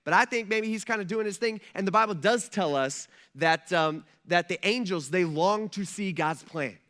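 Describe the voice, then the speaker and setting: A male pastor delivering a sermon in a casual, animated style. His voice is high and bright and ringing, and he talks to the congregation like friends, with plenty of fillers. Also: normal speed. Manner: conversational and animated, with many fillers.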